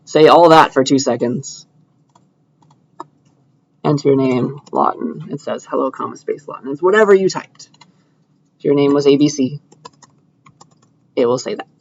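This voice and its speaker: A man's voice: mid-range voice, normal speed, creaky, long pauses, muffled recording. A young man giving a casual computer science lecture, talking students through a coding demo while he clicks. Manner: casual, chatty, thinking aloud while clicking through code. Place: lecture hall.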